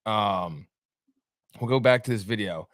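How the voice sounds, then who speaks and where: A man's voice: fairly low pitch, unhurried, fairly bright tone, dry recording, clean studio sound. A man hosting a sports talk show in a casual, rambling way, cracking sarcastic jokes between fillers. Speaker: podcast host. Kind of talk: casual chat.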